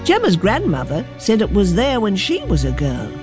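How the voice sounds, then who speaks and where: A woman reading a children's picture book aloud in a gentle, clear storytelling manner. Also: mid-range voice, wildly swooping pitch, moderate pace, over music.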